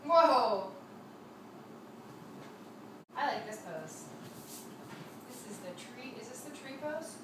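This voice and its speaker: A woman co-hosting a vlog, chatty and a little high-pitched as she reads out viewer comments. The camera sits at a distance in a very echoey room. A clear noise floor hums behind her. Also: animated, slow, long pauses. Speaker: vlog co-host. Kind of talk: casual chat.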